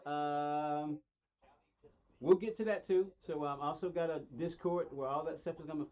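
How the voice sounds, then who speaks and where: A man's voice: fairly high pitch, steady tone, normal speed, a little hiss or hum. A middle-aged man streaming a racing game, rambling casually and talking straight to his chat. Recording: dull lo-fi stream audio.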